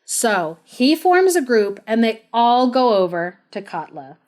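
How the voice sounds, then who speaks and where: A woman's voice: a little high, a little slow. Chatty woman retelling a legend. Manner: animated, chatty, laughs often, many "like"s. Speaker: podcast co-host. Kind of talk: casual storytelling.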